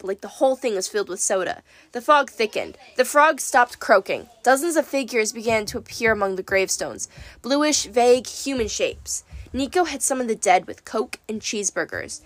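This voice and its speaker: A woman narrating a first-person story in a wry, lively way. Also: fairly high pitch, moderate pace, no room sound. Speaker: audiobook narrator.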